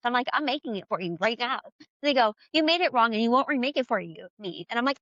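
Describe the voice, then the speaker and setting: A young woman co-hosting a podcast in casual chat, laughing often and doing deadpan barista reactions. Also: on the high side, quick pace, dry recording, lo-fi sound. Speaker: podcast co-host.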